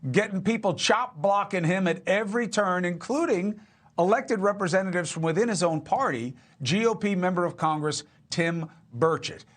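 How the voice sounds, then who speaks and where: A man's voice: high-pitched, animated, normal speed, a bit bright. A man hosting a cable news interview, asking punchy, emphatic questions. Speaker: TV news host.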